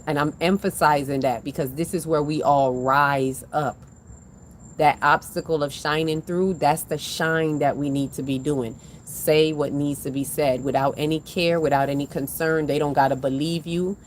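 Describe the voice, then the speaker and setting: Low-voiced woman giving emphatic spiritual exhortation. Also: steady tone, moderate pace, a little hiss or hum. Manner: emphatic, repetitive, preacher-like exhortation; casual slangy delivery. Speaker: spiritual card reader. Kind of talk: live-streamed spiritual card reading.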